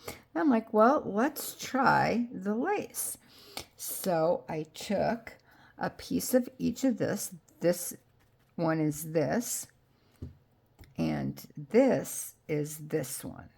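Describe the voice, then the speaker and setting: A woman hosting a crafting vlog, chatting excitedly to viewers about her projects and apologizing with a laugh when she bumps the camera. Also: fairly low pitch, drawn-out words, vocal fry, husky. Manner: gushing, excitable, talks to viewers while handling crafts; self-deprecating, apologetic asides. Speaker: crafting channel host. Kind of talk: casual crafting vlog chat.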